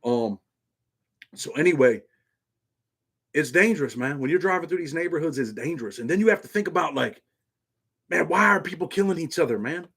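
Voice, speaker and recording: A man's voice: on the high side, animated, a little fast, creaky, long pauses, a bit bright, breathy edge. Laid-back man chatting on a livestream. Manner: loose, repeats "man" often, reads chat aloud. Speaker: livestream host. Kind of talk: casual livestream chat.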